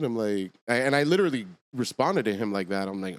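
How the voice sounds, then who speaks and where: A man's voice: on the low side, fast talker, few pauses. Chill guy on a podcast, talks loose and slangy, calls everyone bro. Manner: laid-back slang, calls people dog and bro. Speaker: podcast guest. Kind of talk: casual chat.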